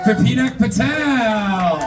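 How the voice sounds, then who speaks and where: High-voiced man emceeing over loud crowd. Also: lively intonation, slow pace. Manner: upbeat, emcee announcing. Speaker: comedy show host. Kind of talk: introducing the next act. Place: comedy club stage. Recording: distant live recording with music and crowd.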